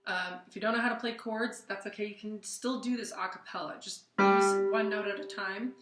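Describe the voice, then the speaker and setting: In an echoey room with piano, a female voice teacher chats her way through warm-ups at a fairly quick pace in a medium-pitched voice. Her relaxed, casual lesson is sprinkled with fillers and sung scales.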